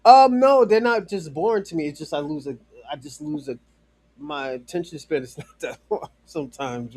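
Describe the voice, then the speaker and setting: The voice is a man's, fairly high and a little mellow, with no room sound. He's casually chatting on a live stream, rambling through fillers and restarts, cursing freely and talking straight to a viewer in chat.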